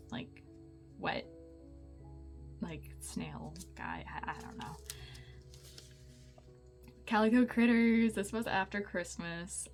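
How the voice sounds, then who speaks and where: A woman's voice: fairly low pitch, creaky. A young woman chatting casually through a tour of her sketchbook, bubbly, with many ums and giggles. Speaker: artist vlogger.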